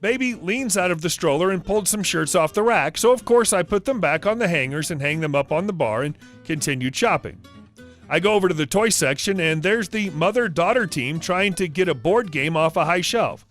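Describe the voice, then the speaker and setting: A man's voice: sits high, expressive, brisk. A man reading online stories aloud, with chatty asides between them. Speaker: story narrator. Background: soft guitar music.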